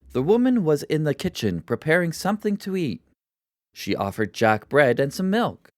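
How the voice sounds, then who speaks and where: A narrator with a medium-pitched voice reads a children's story meant for English learners, going slowly, deliberately and expressively. The sound is clean studio audio with no room sound.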